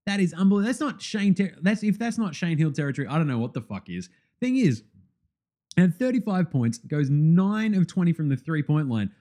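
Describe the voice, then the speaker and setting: A man with an Australian accent hosting a sports podcast, talking excitedly in casual commentary, laughing and swearing freely. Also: a little high, fairly quick.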